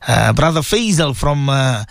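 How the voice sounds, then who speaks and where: Middle-aged man, radio cleric, emotional, repetitive, swinging pitch, dry studio sound. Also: big pitch swings, unhurried, gravelly, dry recording. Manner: emotional, repeats phrases, sprinkles Arabic and Urdu religious phrases. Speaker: radio host and Muslim cleric. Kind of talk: emotional call-in radio talk.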